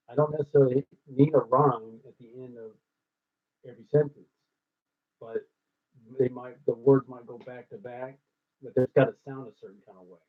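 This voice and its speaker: A man hosting his own show, ad-libbing and thinking out loud as he tries rhyming lines, swinging between loud and hushed. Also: medium pitch. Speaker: host working out rhymes. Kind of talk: ad-libbed musing monologue. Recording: tinny phone-like sound.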